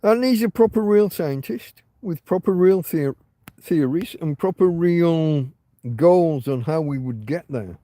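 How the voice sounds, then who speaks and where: A man's voice: a little high, expressive, unhurried, mellow, no room sound. A man from England casually chatting with his livestream audience from home, rambling and swearing, trailing off with ums, with hiccups. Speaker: livestream host.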